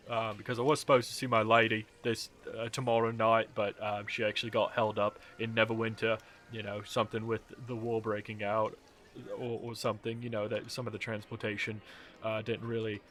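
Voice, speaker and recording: A man's voice: fairly low pitch, flat delivery, brisk, a bit bright, close to an everyday voice. Man playing an apologetic, hesitant manor guard. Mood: chatty. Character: polite nervous male guard at a manor.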